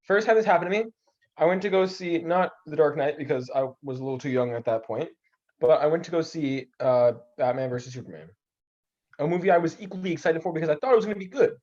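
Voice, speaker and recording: A young man with a voice on the high side talks fast in a casual podcast chat, telling energetic stories and acting out the people he quotes. The lo-fi audio is slightly dull.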